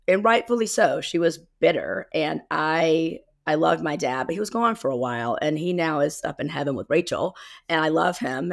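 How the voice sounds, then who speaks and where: Her voice sits low and gravelly on a dry, clean studio recording: a South Carolina woman in her fifties with a Southern accent. Appearing as a guest embodiment coach in a casual video-call interview, she's candid, rambles a bit and corrects herself.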